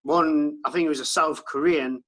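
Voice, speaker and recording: Wry man with a higher voice. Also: steady tone, moderate pace, fairly bright tone, low-quality recording. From Britain. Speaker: podcast guest. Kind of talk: conversational recollection.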